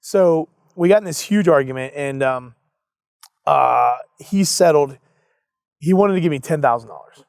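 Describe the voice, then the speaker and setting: Young man telling a lively business story. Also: on the high side, a little slow, gravelly, dry recording, studio quality. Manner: animated, full of fillers and acted-out quotes. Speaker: business founder, interview guest. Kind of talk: casual storytelling in an interview.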